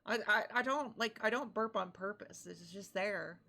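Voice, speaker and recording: A woman's voice: medium pitch, moderate pace, vocal fry, pushed and bright. A woman streamer chatting casually, laughing often, swearing and exclaiming, breathless from laughing. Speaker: live streamer.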